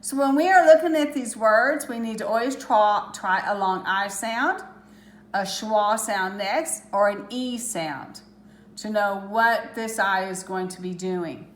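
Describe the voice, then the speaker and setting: Slow, patient woman teaching phonics. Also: medium pitch, echoey room. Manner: patient, slow and step-by-step, stretching out sounds. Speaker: reading teacher. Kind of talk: phonics lesson for children.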